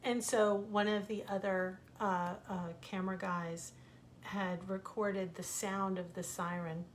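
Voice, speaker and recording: A woman's voice: mid-range voice, flat delivery, measured pace, a little hiss or hum. A middle-aged American woman telling stories from home in a casual, chatty way, acting out the voices of the people she quotes. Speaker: author reading stories online. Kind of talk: casual storytelling.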